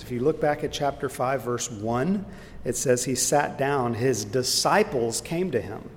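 A man teaching a Bible study lesson in an earnest, explanatory way, pausing with fillers and restarts. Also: gravelly. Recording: echoey hall with faint rumble.

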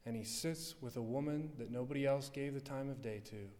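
A man preaching a sermon with fervour, rising to loud passages and dropping to hushed ones. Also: medium pitch, fairly quick. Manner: fervent, swinging from loud to hushed. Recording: long reverb of a hall.

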